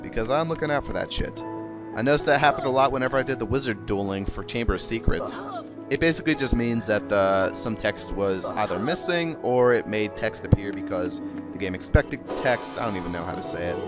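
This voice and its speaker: Loud music plays under an animated, slightly fast mid-range male voice with a South Jersey accent. He chats sarcastically through casual let's play commentary, swearing freely.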